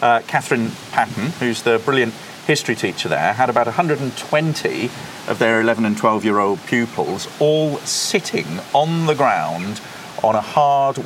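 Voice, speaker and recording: A man's voice: medium pitch, expressive, normal speed. A man co-hosting a podcast, talking enthusiastically and explaining history at length, recorded outside in a windy courtyard. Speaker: podcast co-host. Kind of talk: casual chat.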